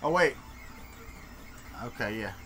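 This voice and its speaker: A man's voice: mid-range voice, lively intonation, takes it slowly, bright, forceful tone, slight background noise. A man from Florida with a Southern American accent, chatting and joking with viewers on a live stream. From Florida, Deep South. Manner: joking, chatty, reads and answers chat. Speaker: streamer host. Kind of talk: casual live-stream chat.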